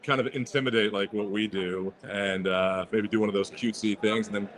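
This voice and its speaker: A man's voice: fairly low pitch, steady tone, a little fast, a bit bright, low-quality recording. A man hosting a podcast live from a trade show, introducing a guest and teasing him playfully. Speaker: podcast host. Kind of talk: casual podcast banter.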